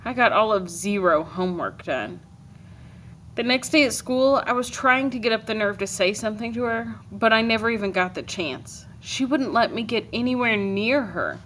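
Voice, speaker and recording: A woman teacher reads a novel aloud to her class, with a middle-pitched voice. Her delivery is expressive, with dry comic timing, and a faint hiss sits under the recording. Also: moderate pace.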